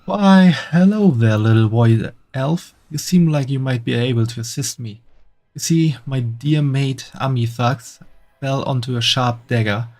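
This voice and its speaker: A man's voice: medium pitch, a little slow, a little mellow, lightly acted. A man voicing a chatty quest-giver in a game, speaking theatrically and dragging out his words.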